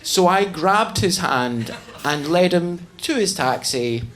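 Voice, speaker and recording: A male comedian doing a stand-up routine, telling a story in an animated way that slides into silly voices. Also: a little high, takes it slowly, slight background noise.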